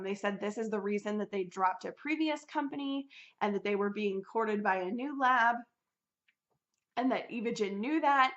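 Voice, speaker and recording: A young woman talks straight to her viewers in a casual, heated rant. Her voice has a gravelly, fry-edged texture, and the recording is dull and lo-fi. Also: mid-range voice, a bit bright. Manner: ranting, heated retelling. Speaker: vlogger sharing her fertility journey. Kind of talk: casual chat to camera.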